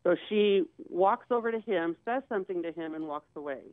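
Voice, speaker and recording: A woman's voice: lowish voice, a little fast, no room sound. A woman tells a dramatic personal story in vivid detail and slips into the voices of the people she quotes. Her voice comes through thin and boxy, like a phone line, with no room sound around it. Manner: vivid, acts out quoted dialogue. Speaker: guest sharing her story. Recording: tinny phone-like dry sound.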